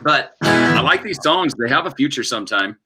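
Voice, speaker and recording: A man's voice: medium pitch, animated, moderate pace, loud music behind the voice. A man co-hosting a casual live-stream chat, tossing in playful, jokey remarks. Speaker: singer-songwriter co-host. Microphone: video call.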